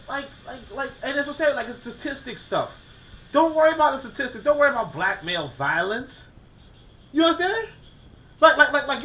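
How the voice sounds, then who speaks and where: A man's voice: extremely high pitch, bright, forceful tone, a little hiss or hum. A man hosting a podcast in casual motivational talk, emphatic and repetitive, full of fillers and restarts. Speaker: podcast host. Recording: dull lo-fi recording.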